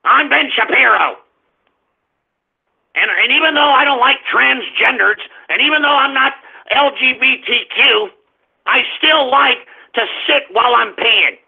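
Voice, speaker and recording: A man's voice: very high voice, measured pace, gravelly, husky, full character voice. A man putting on a smug, pompous young male pundit in a mocking impression. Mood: mocking smugness. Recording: tinny phone-line sound.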